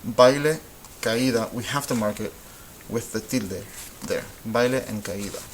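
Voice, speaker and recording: A man teaching Spanish in a relaxed, patient way, thinking aloud as he works through examples. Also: on the low side, unhurried, a little hiss or hum, rough recording. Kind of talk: informal classroom explanation.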